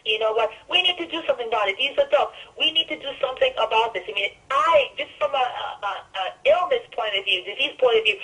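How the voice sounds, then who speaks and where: New female caller, emphatic and excitable, forceful tone, distant phone-line sound. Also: a little high. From New York. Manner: enthusiastic, emphatic, talks in bursts. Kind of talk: emotional testimonial call.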